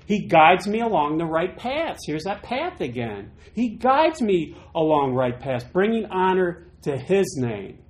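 Animated male pastor preaching. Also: a little slow, few pauses, rough recording. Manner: animated, acts out quoted voices with big jumps in pitch and loudness. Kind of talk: informal midweek sermon.

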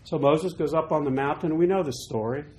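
Animated male pastor preaching. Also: brisk, rough recording. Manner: animated, acts out quoted voices with big jumps in pitch and loudness. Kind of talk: informal midweek sermon.

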